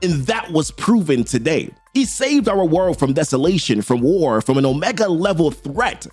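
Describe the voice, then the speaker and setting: A man's voice: fairly high pitch, big pitch swings, normal speed, darkish tone, breathy edge, faint music behind. A man narrating a comic story recap in a chatty, casual way, often saying "he's like". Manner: chatty, repeats "here" and "he's like", addresses viewers as guys.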